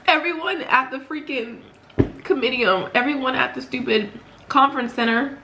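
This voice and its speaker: A woman's voice: on the high side, lively intonation, a little fast, fairly bright tone. A young woman talks through a book in a casual home vlog, her voice swinging widely up and down as she reacts. She sounds emotional and teary, full of exclamations, with a faint hum of room noise behind her. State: tearful. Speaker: book vlogger.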